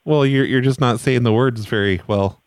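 A man hosting a prank call show, calm, dry and mocking as he teases an angry caller. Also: medium pitch, normal speed, no echo.

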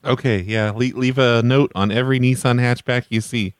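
A man hosting a prank call show, calm, dry and mocking as he teases an angry caller. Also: mid-range voice, normal speed, smooth, no echo.

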